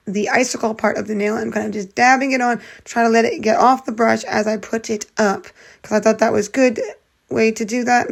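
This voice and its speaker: A woman's voice: on the high side, gravelly. Chatty woman rambling through a nail tutorial. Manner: rambling, self-correcting, chatty. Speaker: nail art tutorial host. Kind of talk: casual thinking-aloud tutorial.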